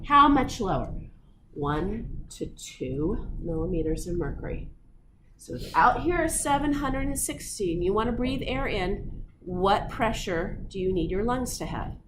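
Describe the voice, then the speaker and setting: A middle-aged woman teaching physiology to a class, telling animated stories and acting them out. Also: medium pitch. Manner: animated, acts out her stories. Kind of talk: classroom lecture with storytelling. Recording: echoey room, audible room noise.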